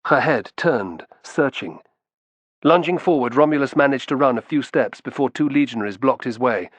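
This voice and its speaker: A man narrating a historical novel in an expressive storytelling style. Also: medium pitch, moderate pace, no room sound. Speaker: audiobook narrator. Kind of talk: scripted narration.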